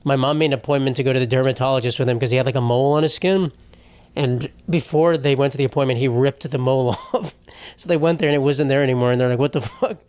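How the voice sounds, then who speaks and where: A man's voice: mid-range voice, steady tone, fast, a little mellow, clean tone, no echo. Rambling, profane man on a dry mic. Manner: rambling, profane, self-mocking storyteller. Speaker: podcast host. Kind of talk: solo comedy podcast monologue. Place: home setup.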